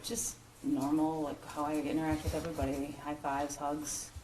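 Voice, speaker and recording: A woman, a school principal, giving halting courtroom testimony with many pauses and restarts. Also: low-pitched, level tone, background noise. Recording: roomy courtroom broadcast audio.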